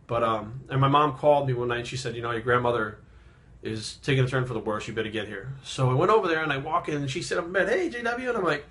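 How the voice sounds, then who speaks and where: Subdued and reflective, a man in his thirties who vlogs about fitness rambles haltingly through a personal story, with plenty of swearing. His voice is medium-pitched and a bit bright.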